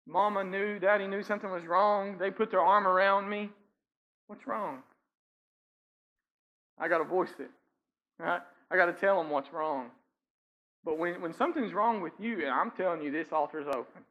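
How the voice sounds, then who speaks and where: A pastor preaching a sermon in a church, talking conversationally with frequent "right?" asides and light chuckles. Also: male voice, high voice, a little fast, lo-fi sound. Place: church sanctuary.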